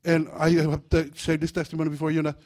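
Pastor guy preaching, funny and animated, kinda high voice. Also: fast talker. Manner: animated, humorous, acts out voices. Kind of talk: sermon. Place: church.

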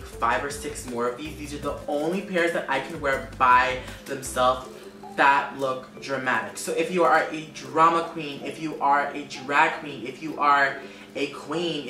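A man's voice: mid-range voice, pushed and bright, distant mic. Gushing man vlogging in a roomy space. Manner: gushing, repeats words for emphasis. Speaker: makeup vlogger. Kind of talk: casual beauty vlog. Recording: roomy echo, off-mic, music behind.

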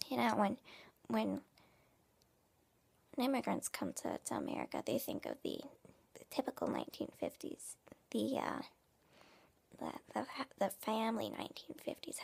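A smug, passive-aggressive 1950s father, played by a woman rambles through a comic monologue, stopping and restarting his sentences. His voice is gravelly and husky and often drops to a half-whisper. It also sits somewhat high. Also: a little mellow, heavily acted. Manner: rambling, halting, with many restarts.

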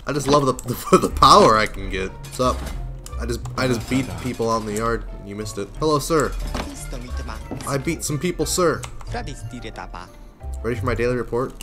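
A man giving casual gameplay commentary, swearing constantly, laughing a lot and breaking into sudden yelled outbursts. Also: mid-range voice. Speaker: gaming video creator. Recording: game music playing under voice.

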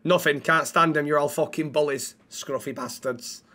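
A man's voice: fairly high pitch, normal speed, pushed and bright. A man from Manchester with a Mancunian accent, teasing and swearing through casual in-character banter as a role-play streamer. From Manchester, England. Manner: cheeky, teasing, sweary, calls people love.

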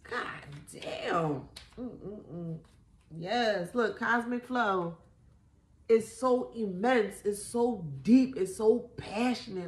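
A woman's voice: mid-range voice, a little slow. Blunt, cussing woman reading tarot. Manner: blunt, profane, mocking, laughs often. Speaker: tarot reader. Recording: echoey room.

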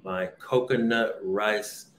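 A man's voice: fairly low pitch, steady tone, takes it slowly, fairly bright tone, echoey room, a little hiss or hum. A man hosting a casual podcast, talking with an upbeat, hype-man delivery and leaning on repeated catchphrases. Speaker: podcast host. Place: vacation lodging abroad, indoors.

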